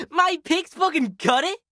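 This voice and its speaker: A woman's voice: very high-pitched, animated, slow, sharp tone, dry recording, clean studio sound, full character voice. A woman voicing a foul-mouthed, cocky young street boy who brags and talks about himself in the third person. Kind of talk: video game character acting.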